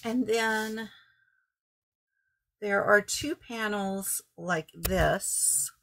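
A woman's voice: mid-range voice, drawn-out words, creaky, a bit bright. A woman craft vlogger chatting casually and ramblingly as she shows off her thrift finds, often correcting herself. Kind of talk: casual show-and-tell haul.

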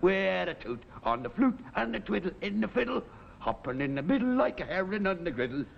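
An actor with an Irish accent playing a jovial old Irish tramp who chats in a gravelly sing-song way, on a dull 1970s TV recording. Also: male voice, sits high, very animated, fairly quick, heavily acted. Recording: dull 1970s TV sound with faint noise.

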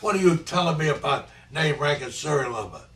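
A man's voice: fairly low pitch, animated, moderate pace, natural voice. An older man voicing a stern, demanding German officer interrogating him as a prisoner, in his own everyday voice. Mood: angry. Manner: demanding, impatient. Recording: echoey home camcorder audio, mic far off, faint hiss.

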